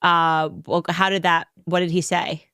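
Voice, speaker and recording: A woman's voice: on the low side, level tone, unhurried, sharp tone, smooth, dry recording, studio quality. A woman interviewing two guests in a sarcastic, mocking way, laughing often. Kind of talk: casual interview.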